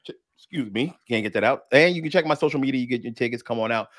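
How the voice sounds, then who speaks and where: A man's voice: mid-range voice, very fast, a bit bright, dry recording, studio quality. A man, a comedian co-hosting a radio show, chatting casually and plugging his upcoming shows. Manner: laid-back, promotes his shows. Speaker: comedian and co-host. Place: radio studio.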